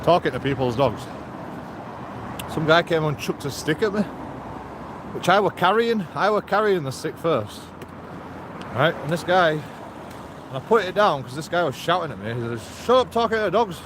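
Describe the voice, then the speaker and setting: Man, street vlogger, rambling swearing chat, raised pitch, heavy traffic noise. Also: animated, normal speed, long pauses. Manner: rambling, swears a lot, laughs often. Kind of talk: casual walking commentary. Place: outdoors on a city street. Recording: loud traffic noise outdoors.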